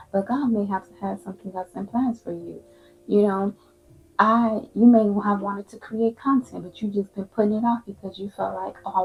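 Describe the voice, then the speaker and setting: A woman giving a casual motivational talk, chatty and full of "you know". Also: medium pitch. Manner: conversational, lots of "you know". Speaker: host. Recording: phone-like line with faint music.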